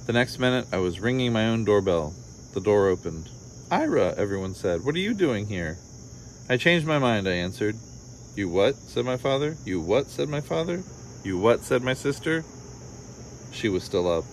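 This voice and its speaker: A man reading a children's picture book aloud, gently, lifting his voice a little for the children's lines. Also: animated, moderate pace, a little hiss or hum. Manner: gentle storytelling, voices the children's lines slightly higher and livelier. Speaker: storybook reader.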